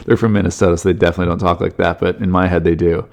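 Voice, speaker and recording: A man hosting his own comedy podcast, reading weird news stories aloud and riffing on them with swearing and quick character voices. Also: low voice, flat delivery. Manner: swears freely, jumps into goofy character voices.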